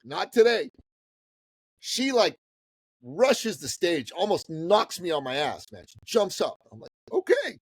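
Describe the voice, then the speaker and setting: A man in his fifties from the Middle East, a business coach telling a story as a podcast guest in a casual, animated way that swings between loud and hushed. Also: fairly high pitch, unhurried, husky, no room sound, poor audio. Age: 50s.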